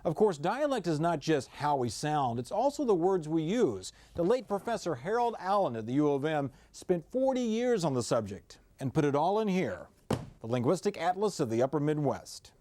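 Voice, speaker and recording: A man from Minnesota narrating a TV news feature in a brisk, scripted reporter's delivery. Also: on the high side, sing-song, darkish tone. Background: music.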